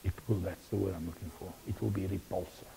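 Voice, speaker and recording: A man preaching a sermon, emphatic and halting, with long pauses between phrases. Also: deep voice, fairly even intonation, creaky, mellow, slight background noise. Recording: long hall reverb.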